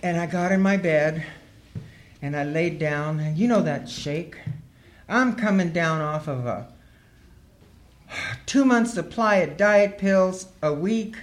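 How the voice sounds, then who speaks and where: A woman's voice: on the low side, slow pace, pauses often. A woman sharing her recovery story as humorous personal storytelling, earthy and wry, laughing as she goes.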